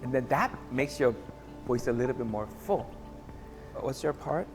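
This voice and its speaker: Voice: mid-range voice, lively intonation, moderate pace. A vocal coach giving direct feedback to a trainee, repeating phrases for emphasis. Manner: repeats phrases, demonstrates notes. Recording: music playing behind.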